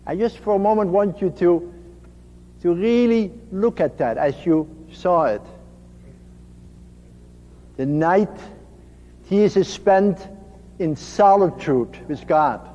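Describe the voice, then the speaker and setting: A man preaching a sermon slowly and gently, his voice dropping to a soft hush on tender phrases. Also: sits high. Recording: dull lo-fi recording in a reverberant hall.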